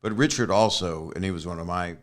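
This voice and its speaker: Male host, deep low voice, reflective, earnest, trailing thoughts. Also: a little fast. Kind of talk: casual interview chat.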